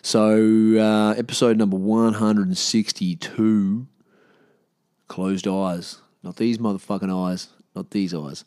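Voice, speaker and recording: A man's voice: lowish voice, little pitch movement, takes it slowly, dark tone, clear, resonant tone, no echo, studio quality. A man hosting his own podcast, talking casually and bluntly with plenty of swearing. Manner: blunt, swears freely, rambling. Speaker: podcast host. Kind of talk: casual solo podcast outro.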